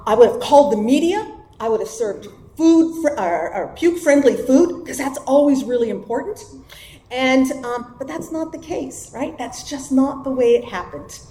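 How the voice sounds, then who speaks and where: A woman's voice: high voice, mellow, roomy sound. A woman sharing her recovery story at a meeting, in a wry, conversational way, often checking in with her listeners. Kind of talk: personal testimony at a recovery meeting.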